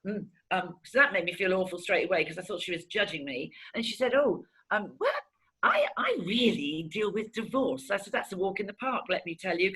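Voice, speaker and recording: Candid, bright-voiced woman. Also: mid-range voice, poor audio. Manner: candid and animated, acts out past conversations. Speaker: interviewee giving a testimonial. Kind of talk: emotional personal testimony.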